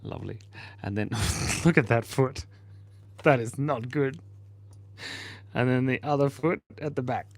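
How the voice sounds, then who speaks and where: A man's voice: mid-range voice, measured pace, pauses often, dry recording. A man hosting a casual live stream, chatting playfully and laughing while he draws and reads out viewer comments. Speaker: livestream host.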